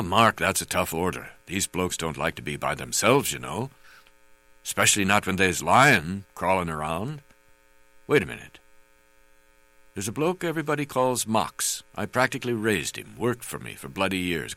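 A man voicing a crude, hard-drinking heavyset older rancher and magistrate with a croaking, blunt, swearing manner. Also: deep voice, big pitch swings, normal speed, pushed and bright, no room sound, full character voice. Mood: jovial.

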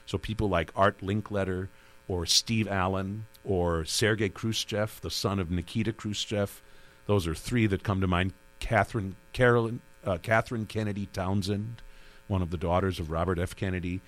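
A man's voice: sits low, fairly even intonation, moderate pace. A man who hosts a radio interview show, telling stories about his work in a rambling way with many restarts. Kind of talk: conversational interview.

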